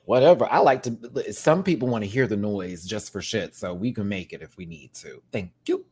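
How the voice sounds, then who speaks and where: A man hosting a live review stream, sassy and campy in his delivery. His pitch swings up and down freely as he talks straight to the viewers in a casual chat. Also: expressive, moderate pace, darkish tone, husky. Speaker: live stream host reviewing a reality competition show.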